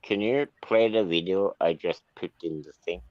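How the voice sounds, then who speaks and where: A man's voice: sits low, moderate pace, dry recording, dull audio. A man co-hosting, dropping in short, casual remarks. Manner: brief casual interjections.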